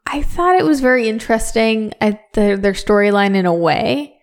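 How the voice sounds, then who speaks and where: Woman co-host, casual rambling chat, light vocal fry. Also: on the high side, animated, moderate pace. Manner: chatty, rambling fan talk with many fillers. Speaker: podcast co-host.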